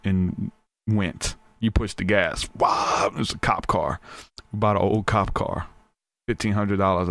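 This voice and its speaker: A man with a fairly low voice tells an informal story as a podcast host, often stopping to act out what people said. He restarts sentences often as he goes. The sound is dry and close, with little room echo. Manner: animated, acts out quoted voices, frequent restarts.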